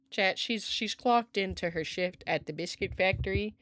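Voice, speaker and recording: A woman's voice: medium pitch, moderate pace, few pauses, a bit bright, no room sound. A woman from Scotland chatting casually with viewers on a livestream, giggly and rambling, often cutting herself off mid-sentence. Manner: giggly, rambling, self-interrupting. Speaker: virtual streamer.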